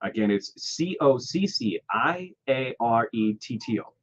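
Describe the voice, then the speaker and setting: Man, radio host, upbeat, spells words out, mid-pitched voice, slightly muffled studio audio. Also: lively intonation, measured pace. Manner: upbeat, spells names letter by letter. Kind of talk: casual on-air chat.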